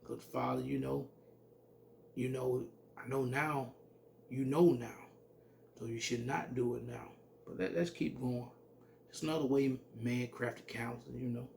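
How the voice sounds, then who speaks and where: A man with a gravelly, mellow voice teaches scripture in a blunt, salty way. He reads verses slowly and then breaks into plain commentary. Faint noise sits under the recording. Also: mid-range voice, fairly even intonation. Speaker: religious teacher.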